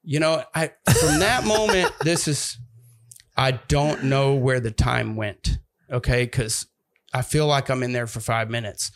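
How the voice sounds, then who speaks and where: A young man telling a story in casual chat, acting out other people's voices with big jumps in pitch.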